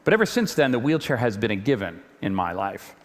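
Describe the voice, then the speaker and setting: A man giving a lively stage talk to an audience, animated, often repeating words as he builds up steam. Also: fairly low pitch, a little fast, in a large hall. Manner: animated, repeats words when getting going.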